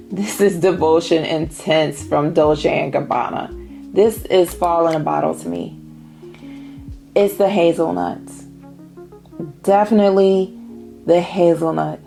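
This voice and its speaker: A middle-aged woman talks through her perfume collection in a relaxed vlog. Her voice is low-set, warm and gravelly, and she takes her time. Faint music plays under her. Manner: chatty, savoring, drawn-out phrasing. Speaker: fragrance vlogger. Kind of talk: casual perfume review.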